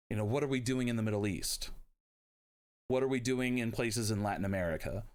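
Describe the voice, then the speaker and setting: A man teaching history in a casual video lecture, blunt and irreverent, talking loosely with lots of fillers and asides. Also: medium pitch.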